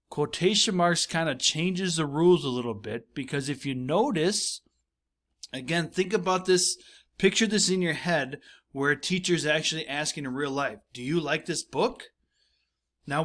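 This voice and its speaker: A man's voice: fairly high pitch, fairly bright tone. A male teacher giving a recorded grammar lesson, explaining patiently, repeating his points and reading example sentences aloud.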